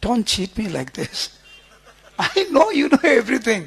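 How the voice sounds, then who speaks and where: A man's voice: extremely high pitch, big pitch swings, moderate pace, a bit bright, slightly rough, exaggerated voice. A man voicing an indignant, devoted male disciple who fervently scolds his lord in a retold scripture story. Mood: pleading. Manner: fervent, reproachful, emphatic.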